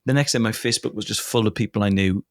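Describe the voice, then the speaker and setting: A man's voice: lowish voice, fast talker, dry recording, studio quality. A Welsh man in his forties, a comedian guesting on a podcast, telling a casual anecdote with swearing and laughter. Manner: animated, swearing, laughing storyteller.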